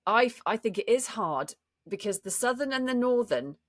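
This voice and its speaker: A woman's voice: a little high, animated, moderate pace, no room sound, clean studio sound. A woman co-hosting a podcast, chatting casually and hesitantly about accents. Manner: hesitant, full of restarts while explaining accents. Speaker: podcast co-host. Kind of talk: casual chat.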